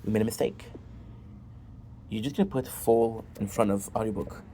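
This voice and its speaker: A man's voice: on the low side, moderate pace, dark tone, a little hiss or hum. A man streaming and chatting casually, rambling and asking his chat rhetorical questions. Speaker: gaming streamer.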